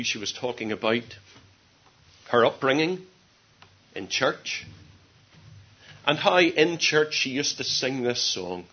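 A man preaching an evangelistic sermon, earnest, swinging from quiet to loud with drawn-out emphasis. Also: mid-range voice, slightly rough. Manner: earnest, rises and drops sharply in volume, drawn-out emphasis. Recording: dull lo-fi sermon recording.

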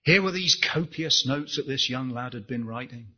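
A man's voice: mid-range voice, animated, moderate pace, husky. Impassioned preacher man, muffled recording. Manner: impassioned, rising and falling delivery with rhetorical questions. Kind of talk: sermon.

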